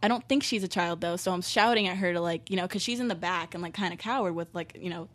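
A woman's voice: fairly low pitch, fast talker, a bit bright. A young woman, a touring musician, chatting casually on a podcast, bubbly and laughing often as she acts out what people said.

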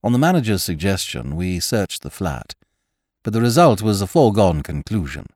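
A man narrating a story aloud in a measured, expressive way. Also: sits low, no echo, clean studio sound. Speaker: audiobook narrator.

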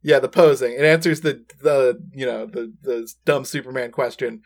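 A man's voice: mid-range voice, normal speed, gravelly. A man co-hosting a casual book discussion, rambling and playful, with lots of filler words. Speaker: podcast co-host.

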